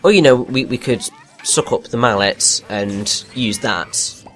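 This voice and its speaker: A man doing animated, chatty co-commentary on a video game, often restarting his sentences. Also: mid-range voice, measured pace. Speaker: let's play co-commentator. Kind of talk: casual gameplay commentary. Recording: game music underneath.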